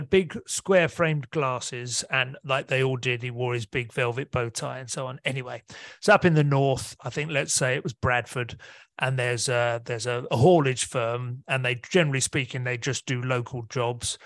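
A man, a comedian guest, telling stories in an animated way and laughing at his own jokes. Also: medium pitch, dry recording, studio quality. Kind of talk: anecdotal storytelling.

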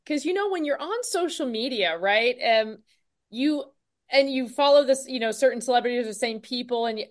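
A woman hosting a podcast interview, telling a story with animated energy and acting out her own thoughts. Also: fairly high pitch, a little fast. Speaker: podcast host. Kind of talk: casual interview chat.

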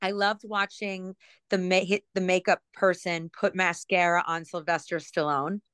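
With a lowish, fairly bright voice and a flat delivery at a moderate pace, a middle-aged woman recounts stories from her time as a TV producer. She is chatty, rambling, and self-mocking, full of asides and fillers, in a casual podcast interview recorded cleanly without echo.

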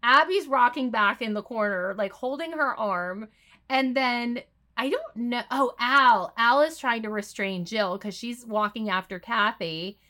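A woman hosting a casual recap chat, telling the story in a quick, animated way with playful asides. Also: fairly high pitch. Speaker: podcast host recapping a reality show.

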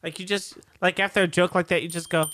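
A woman's voice: fairly low pitch, fairly even intonation, fast, fairly bright tone, slight background noise. A woman co-hosting a podcast, making laid-back, trailing asides in casual chat about a TV episode. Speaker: podcast co-host.

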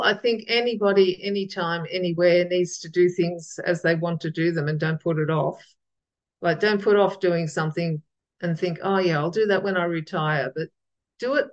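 A woman talks as a guest on a podcast, her voice gravelly and sitting a bit low. She rambles warmly from thought to thought and restarts her sentences as she goes. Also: low-quality recording. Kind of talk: casual interview chat.

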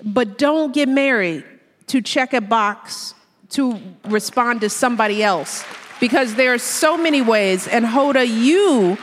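A woman's voice: a little high, measured pace, big-room sound, a faint crowd, slight background noise. A woman hosting a podcast, talking earnestly and reflectively in a casual, heartfelt conversation. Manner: earnest, reflective, quotes others in lively put-on tones. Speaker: podcast host.

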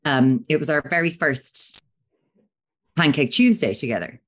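An Irish woman with a notably low voice tells stories on a chat podcast. She's animated, slipping into little impressions of what people said. She sounds like she's in her thirties. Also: measured pace. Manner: animated storyteller, acts out quotes. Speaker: podcast co-host. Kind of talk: casual chat.

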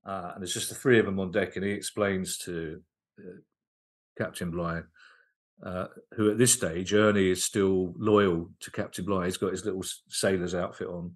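A man with a fairly low voice tells comedy anecdotes as a podcast guest. He sounds enthusiastic and animated, tripping over his words and restarting sentences as he goes. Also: normal speed. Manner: lively, enthusiastic retelling with frequent restarts. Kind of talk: anecdotal storytelling in casual podcast chat.

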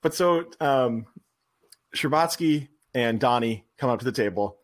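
A man's voice: medium pitch, expressive, a little slow, a little hiss or hum. A man co-hosting a podcast, casually recapping a film scene by scene and laughing along. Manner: retells scenes with quotes, laughs often. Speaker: podcast co-host. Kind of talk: casual movie recap chat.

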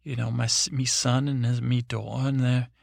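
A man's voice: medium pitch, little pitch movement, normal speed, vocal fry, a little mellow, dry recording, clean studio sound. A man voicing a chatty older male tourist out with his grandkids, talking in a rambling, hesitant way.

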